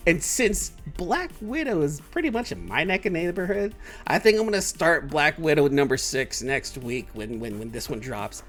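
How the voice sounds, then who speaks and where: A man hosting a casual comic book chat, animated and quick to laugh. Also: fairly high pitch, soft background music. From San Francisco Bay Area. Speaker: host.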